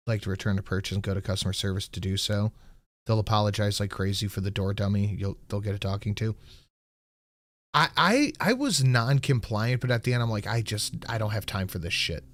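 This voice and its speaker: A man's voice: lowish voice, no room sound. A man co-hosting a podcast, bluntly and with exasperation recounting everyday run-ins in casual chat. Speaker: podcast co-host.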